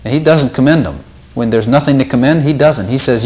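A man's voice: medium pitch, a little fast, hardly any pauses, darkish tone. A man leading an informal Bible study, talking things through casually, repeating words and lifting his voice when he quotes scripture.

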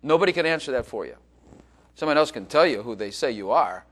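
A middle-aged man preaching a sermon, animated, acting out quoted voices and joking. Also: mid-range voice, fairly quick. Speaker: pastor.

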